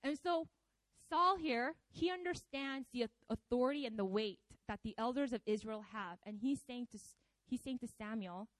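A woman preacher giving a conversational, animated sermon, often slipping into acted quotes. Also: fairly high pitch, normal speed, no echo, low-quality recording.

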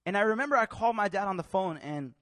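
A young man from a Mexican family, preaching a sermon with passion, swinging from loud declarations to hushed, tender passages. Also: high voice, animated, fast talker, no echo, clean studio sound.

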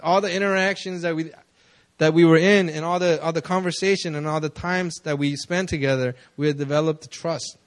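A young man preaching at a prayer meeting, telling stories in a loose, conversational way, often laughing and jumping up in excitement. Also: fairly high pitch, a little fast. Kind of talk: casual sermon with storytelling.

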